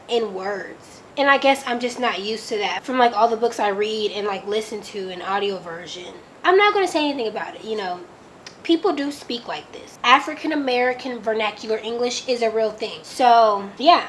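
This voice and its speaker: A woman from Oakland chats her way through a book review, reading passages aloud and stopping to react in disbelief. Her voice sits a bit high, her speech is full of "like", and a faint hiss runs underneath. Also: fairly bright tone. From Oakland, California. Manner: chatty, lots of "like", reacts with disbelief. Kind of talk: casual reading with commentary.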